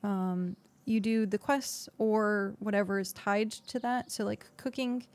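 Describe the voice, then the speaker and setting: A woman's voice: medium pitch, fairly even intonation, unhurried. A woman streamer chatting casually as she plays and explains a game, with lots of fillers, into a desk microphone. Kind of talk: casual gameplay commentary. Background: faint background music.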